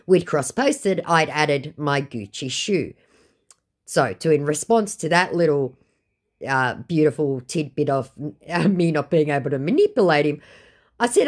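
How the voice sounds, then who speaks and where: A woman telling the story of baiting a scammer, with sardonic, deadpan asides. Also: low voice. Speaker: scam baiter recounting a chat. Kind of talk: storytelling vlog narration.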